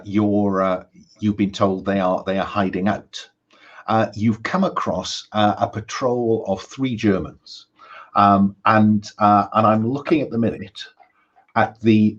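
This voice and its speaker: A man's voice: lowish voice, fairly bright tone, lo-fi sound. A man running a tabletop horror game as game master, talking with many ums and restarts.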